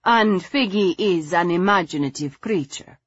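A woman's voice: fairly low pitch, unhurried, slightly rough, no room sound, muffled recording. A woman voicing a hesitant, anxious, genteel lady who speaks in a faltering, apologetic way.

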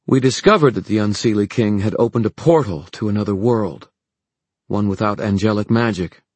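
A male narrator voicing a calm young woman hero in an audiobook, speaking low but carrying. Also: breathy edge, no echo. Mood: measured. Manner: calm, measured.

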